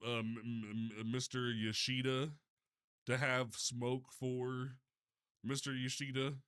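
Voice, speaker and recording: A man hosting a casual livestream, talking in an animated, profane way with frequent stumbling restarts. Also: mid-range voice. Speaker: livestream host.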